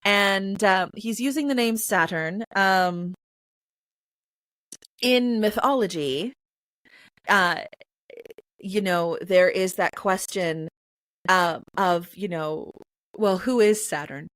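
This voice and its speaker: A woman guest in an interview, explaining in a chatty, animated way with many filler phrases. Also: medium pitch, takes it slowly, long pauses, no room sound, poor audio. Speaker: poetry reader and performer, interview guest.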